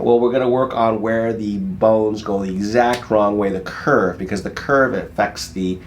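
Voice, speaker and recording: A man's voice: on the low side, fairly even intonation, moderate pace, hardly any pauses, slight background noise. A man working as a chiropractor, talking to camera while treating a patient, brash and profane.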